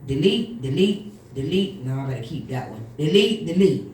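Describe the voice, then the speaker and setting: A woman minister giving an animated church testimony, acting out the voices of the people in her story. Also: deep voice, moderate pace, slight background noise. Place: church hall. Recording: echoey room from far off.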